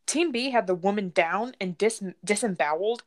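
A woman's voice: mid-range voice, normal speed. A woman co-hosting a casual podcast, telling a creepy true story with lots of laughs and swearing. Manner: laughing, profane, joking storyteller. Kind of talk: casual true-crime chat.

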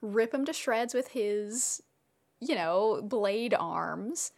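A woman's voice: mid-range voice, expressive, extremely slow, vocal fry, a little mellow. A woman talking as a podcast guest in a casual brainstorming chat, rambling and full of filler words.

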